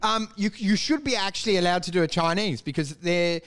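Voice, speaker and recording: A man's voice: sits high, a little fast, a bit bright. A man co-hosting a casual comedic chat, crude and mock-outraged as he rambles.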